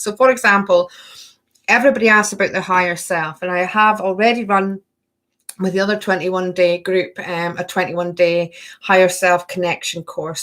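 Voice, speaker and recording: On her spiritual workshop live stream, the thirty-something host fields viewer questions in a mid-range, slightly bright voice. She keeps adding "okay" and "right" to her sentences and laughs often in between.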